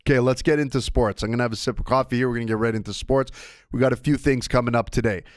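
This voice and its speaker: A man's voice: very fast, dry recording, studio quality. A man hosting a sports podcast on his own, talking casually and telling stories with big swings in his delivery. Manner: animated storyteller with wide swings of pitch. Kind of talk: casual solo podcast monologue.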